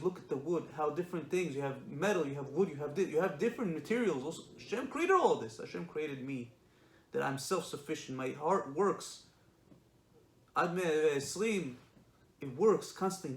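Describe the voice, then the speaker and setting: A man's voice: on the high side, a little hiss or hum. A man giving a religious lesson, emphatic and repetitive, often asking rhetorical questions. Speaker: Torah lecturer. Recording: echoey room.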